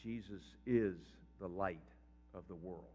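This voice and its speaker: A man's voice: low-pitched, measured pace, dark tone. An older man, a pastor, preaching a sermon in a conversational way and quizzing his congregation. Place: church sanctuary. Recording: reverberant hall, dull lo-fi sound.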